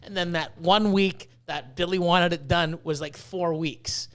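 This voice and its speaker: A man on a podcast telling stories in a casual, excitable way, swearing freely and acting out what people said. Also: high voice, measured pace. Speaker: podcast guest. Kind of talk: casual storytelling.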